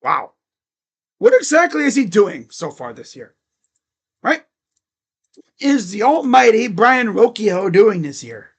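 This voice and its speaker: High-voiced man ranting about his team. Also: very animated, a little slow, pauses often, breathy edge. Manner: exasperated, mocking, swears. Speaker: sports fan vlogger. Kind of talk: casual sports rant.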